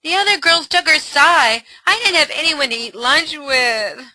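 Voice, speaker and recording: A woman's voice: high voice, unhurried, sharp tone, no room sound, voice pushed up, heavily acted. A woman voicing an upset teenage girl who sounds whiny and pleading in a parenting role play. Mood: hurt.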